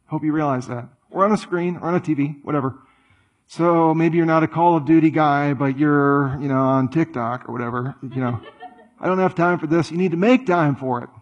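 A man preaching a sermon in a conversational, animated way, full of rhetorical questions and playful asides. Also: on the high side, moderate pace, muffled recording. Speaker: pastor.

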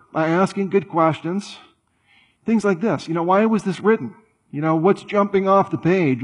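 A man preaching a sermon in a conversational, animated way, full of rhetorical questions and playful asides. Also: on the high side, husky. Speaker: pastor.

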